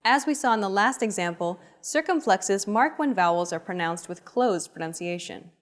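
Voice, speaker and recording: A woman giving scripted explanations in a language lesson, in a plain, even tone. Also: medium pitch, normal speed. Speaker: narrator.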